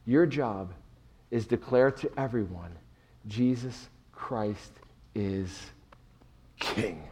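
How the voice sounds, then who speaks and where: A middle-aged male pastor preaching a sermon with emphatic swings between soft and loud delivery. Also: fairly low pitch, husky.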